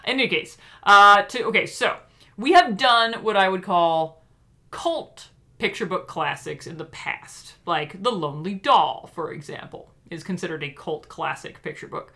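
A woman co-hosting a podcast in casual chat, playful and quick to laugh, with jokey asides. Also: on the low side, sharp tone. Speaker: podcast co-host.

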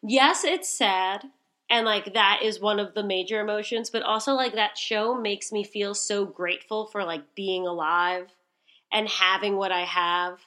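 A young adult woman co-hosting a casual chat, talking in an animated, gushing way. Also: mid-range voice, unhurried.

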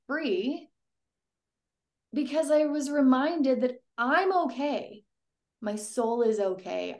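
A woman's voice: a little high, creaky. A young adult woman giving a personal faith testimony in an earnest, emotional way, often restarting her sentences. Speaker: guest.

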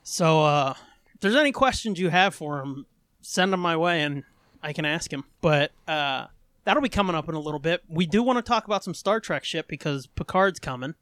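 High-voiced joking podcast host man. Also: animated, moderate pace, fairly bright tone, clear, resonant tone, no room sound, studio quality. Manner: joking, crude, laughs often. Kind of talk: casual podcast chat.

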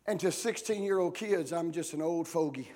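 A pastor in his forties preaching a sermon, swinging between hushed talk and shouting, with many "uh" fillers between phrases. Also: a little high, moderate pace. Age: 40s.

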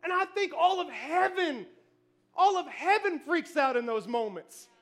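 A male pastor preaching a sermon, telling family stories with animated energy, shouting cheers and then dropping soft. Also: extremely high pitch, a little slow.

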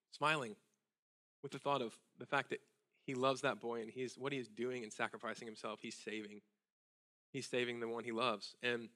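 A man in his thirties preaching a sermon in a church, telling stories with earnest feeling and dropping to a hushed intensity. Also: mid-range voice. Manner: earnest, emotional storytelling, drops to hushed intensity. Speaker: pastor. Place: church sanctuary.

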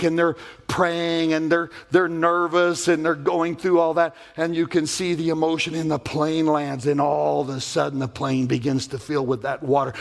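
A male pastor delivers an emphatic, animated sermon. His voice sits a bit higher than most men's, and he tells his stories vividly, with playful sound effects.

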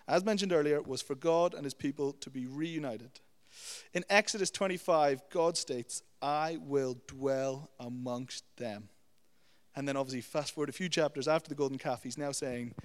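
A young adult man preaching a sermon, teaching with lively storytelling and checking in with "okay?" and "you know". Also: a little high. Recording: long hall reverb.

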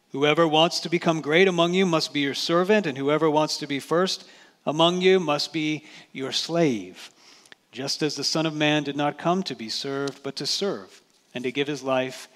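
A man's voice: mid-range voice, a bit bright. A man preaching a sermon as pastor, talking to the congregation in a conversational way and asking rhetorical questions. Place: church sanctuary. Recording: church hall reverb.

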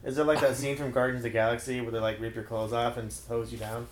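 A man's voice: mid-range voice, flat delivery, fast. A man in a casual chat who jokes, laughs a lot and chimes in with questions. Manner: joking, laughs often, chimes in.

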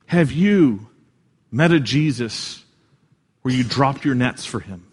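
Slow-paced earnest male preacher. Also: medium pitch, lively intonation, slightly rough. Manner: earnest preaching, swells louder for emphasis and drops soft. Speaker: pastor. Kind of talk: sermon.

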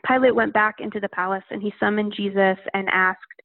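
A woman reading a Bible passage aloud in a steady, plain manner. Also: mid-range voice, a little fast, no room sound. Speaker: scripture reader. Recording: tinny phone-like line.

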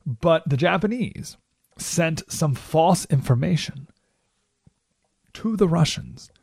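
A man hosting a talk radio show, telling stories with animated delivery and asking rhetorical questions. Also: medium pitch, no room sound, studio quality. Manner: animated storytelling with frequent rhetorical "right?"; acts out quoted voices.

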